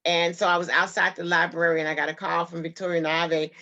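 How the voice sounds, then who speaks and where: A woman's voice: on the low side, flat delivery, fast, sharp tone, highs cut off. A woman guest telling a personal story in an interview, earnest and heartfelt.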